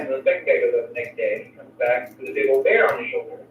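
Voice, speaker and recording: A man's voice: medium pitch, lively intonation, fast talker, few pauses, slight background noise. A man calling into a show, eagerly telling a long joke with a giggly delivery. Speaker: caller. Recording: echoey, distant, tinny call audio.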